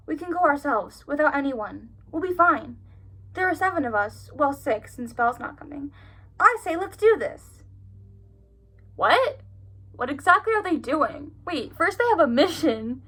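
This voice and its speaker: A woman's voice: sits high, pushed and bright. A young woman reading her old childhood stories aloud and breaking off for sarcastic, giggly, incredulous asides. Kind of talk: reading aloud with running commentary.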